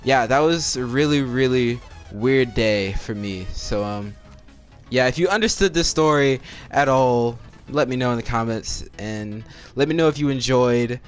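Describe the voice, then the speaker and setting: A man's voice: mid-range voice, measured pace. Rambling male storyteller with faint music. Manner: rambling, heavy on "like" and "all right?" check-ins. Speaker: storytime vlogger. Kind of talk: casual storytelling to camera.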